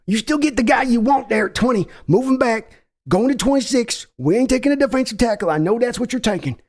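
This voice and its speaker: A man's voice: very high-pitched, animated, a little fast, a little mellow, pitched above the performer's own voice, exaggerated voice. A man doing an impression of a brash, pushy older Texan football team owner, with a put-on Texan drawl in a comedy skit. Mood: pushy, folksy. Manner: folksy, wheedling, bossy drawl.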